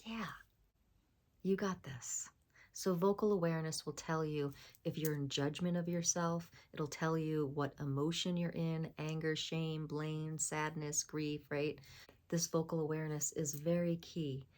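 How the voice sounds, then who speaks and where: Low-voiced woman giving gentle spiritual advice. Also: fairly even intonation, unhurried. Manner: gentle, affirming, drops into soft whispers. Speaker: spiritual voice coach. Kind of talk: spiritual self-help talk.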